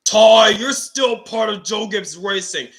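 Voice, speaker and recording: A man putting on a slow, firm voice for an old grandfather turning down his grandson. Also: high voice, a bit bright, voice pushed up. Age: older.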